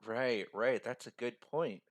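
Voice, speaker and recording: A man's voice: medium pitch, takes it slowly. A man with an American accent hosting a casual finance explainer, talking in a chatty, rambling way and asking "right?" often. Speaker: financial mentor, video host.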